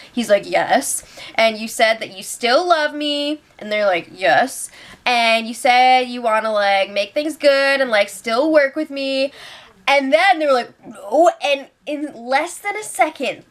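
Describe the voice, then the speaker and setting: Young female recap host, high-pitched, lively storyteller voice. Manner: animated retelling with quoted voices and laughs. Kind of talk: casual spoiler recap.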